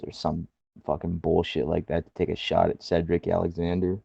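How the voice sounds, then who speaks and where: A man's voice: sits low, completely flat delivery, fairly quick, gravelly, mellow, husky, no echo, highs cut off. A man co-hosting a casual podcast chat, swearing freely and laughing through loose wrestling banter. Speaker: podcast co-host.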